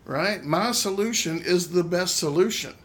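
A man's voice: sits high, unhurried, fairly bright tone. A man hosting a podcast, chatting casually and steering the conversation. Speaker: podcast host.

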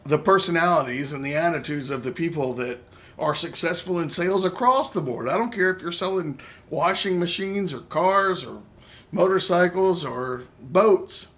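A man's voice: fairly high pitch, normal speed, a bit bright. Talkative male podcast host. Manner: talkative, steers the conversation. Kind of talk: casual podcast chat.

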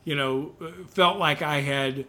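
A man's voice: a little high, slow pace. A man on a podcast casually telling a story, acting out what people said. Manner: animated storyteller, acts out quoted voices. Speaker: podcast guest.

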